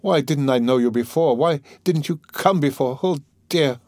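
A frantic young woman cries out in a high, pleading voice, bewildered and desperate, as a male audiobook reader puts her on. Her words come urgent and tearful over a dry, close recording. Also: normal speed, darkish tone, no echo, lightly acted. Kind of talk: audiobook character voice.

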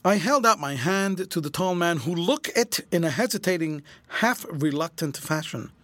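Male audiobook narrator, lively pitch, bright tone, dry close recording. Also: normal speed, dry recording. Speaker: audiobook reader. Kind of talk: scripted narration.

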